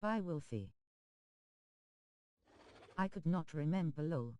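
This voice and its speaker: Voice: medium pitch, animated, slow, darkish tone, smooth, low-quality recording. A text-to-speech voice reading viewer chat messages aloud on a game stream, speaking emoji names and abbreviations literally.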